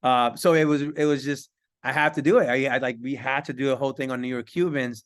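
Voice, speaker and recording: A man's voice: medium pitch, fairly even intonation, fast talker, clear, resonant tone. A man on a panel talking with enthusiasm, stacking up one example after another. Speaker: curriculum panelist. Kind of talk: panel discussion.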